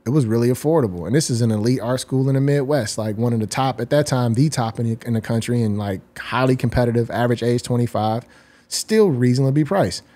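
A man's voice: mid-range voice, quick pace, dark tone. A man in his forties, a guest designer, explaining his views at length in an interview. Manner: articulate, explains ideas at length. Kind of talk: reflective interview talk.

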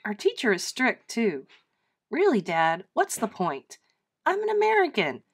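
A stubborn eight-year-old girl complains her way through a classroom play. A woman reading aloud voices her, lifting her voice a little higher and making it sound whiny and insistent. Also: wildly swooping pitch, measured pace, creaky, slightly rough, heavily acted. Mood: protesting.

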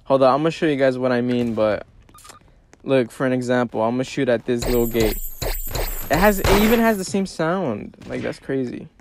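Young male gamer, mid-pitched, slangy trash talk, faint noise in the background. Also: moderate pace. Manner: slangy, excitable, trash-talking other players. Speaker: gaming video creator. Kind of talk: casual gameplay commentary.

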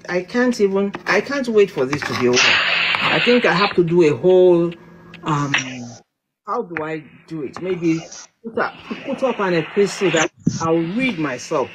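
A woman hosting a casual chat, talking in an emotional, indignant way. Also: on the low side. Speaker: host. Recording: noisy background.

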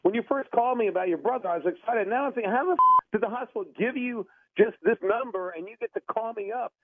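A man taking an unexpected phone call, excitable and quick to get worked up. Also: high voice, dry recording. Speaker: prank call target. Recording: tinny phone line.

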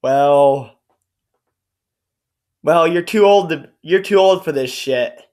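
Slow and fairly high-pitched with a darkish tone, this YouTuber's voice carries an angry vlog rant. He swears, leans on sarcasm, and rambles with many restarts.

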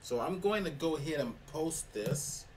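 A man's voice: fairly high pitch, lively intonation, moderate pace, darkish tone. A man hosting an online meetup on a video call, easygoing and talking through what he does on screen. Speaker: meeting host. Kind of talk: casual online meetup chat. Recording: distant mic with faint noise.

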